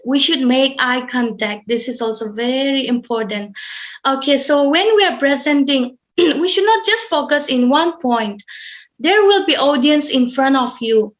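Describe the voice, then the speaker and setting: A high-pitched woman, teaching over a webinar. She speaks in a measured way, repeats her points and fills pauses with ums. The audio is somewhat muffled, as from a computer mic. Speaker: webinar presenter. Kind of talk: online webinar talk. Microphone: computer mic on a video call.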